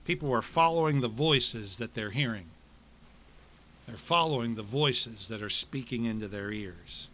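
A middle-aged male pastor delivering a sermon, with rhythmic repetition and dramatic pauses. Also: medium pitch, a bit bright, a little hiss or hum.

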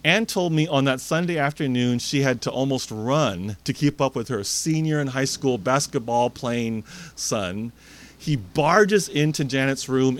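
A man's voice: mid-range voice, a little hiss or hum. A male preacher telling a story in a sermon, acting out the people in it. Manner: animated storyteller, acts out characters.

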